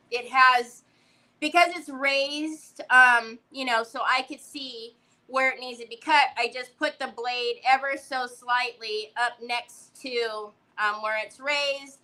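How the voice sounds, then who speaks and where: On a poorly recorded crafting livestream, a middle-aged host speaks in a fairly high voice. She greets viewers by name and tells a story with lively enthusiasm.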